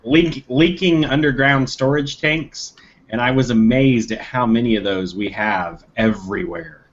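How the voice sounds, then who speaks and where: A man's voice: mid-range voice, unhurried. Man, mid voice, easygoing explainer, casual video chat, dull lo-fi sound. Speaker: guest in group chat. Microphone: video call. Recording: dull lo-fi video call audio.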